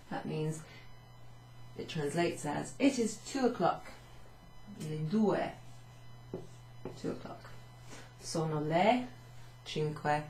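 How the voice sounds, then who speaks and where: A woman's voice: low-pitched, darkish tone, echoey room, slight background noise, poor audio. A woman language teacher talking through a recorded class summary, chatty and self-mocking, walking through Italian phrases at a whiteboard. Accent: Welsh. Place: home room with a whiteboard. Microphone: camera across the room.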